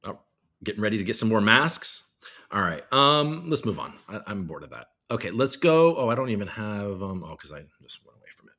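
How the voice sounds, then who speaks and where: A man's voice: on the low side, sing-song, a little fast, bright, forceful tone. A man hosting a casual live stream, reading headlines aloud and reacting with profane, rambling commentary. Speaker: crypto show host.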